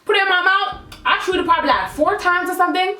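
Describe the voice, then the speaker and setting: A young woman telling a storytime vlog in a lively, slangy way, swearing freely. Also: very high voice, quick pace, echoey room, recorded from a distance. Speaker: vlogger.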